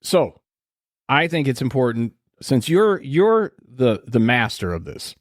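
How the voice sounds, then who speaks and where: A man hosts a podcast in loose, crude, joking banter. His voice sits at a middling pitch. The sound is dry and close, with no room echo. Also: big pitch swings, unhurried. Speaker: podcast host. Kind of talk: casual chat.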